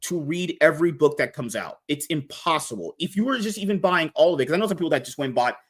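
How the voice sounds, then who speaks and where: A man's voice: a little high, animated, fast talker. A man hosting a podcast, talking casually and animatedly, swearing freely and rambling with restarts. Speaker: podcast host.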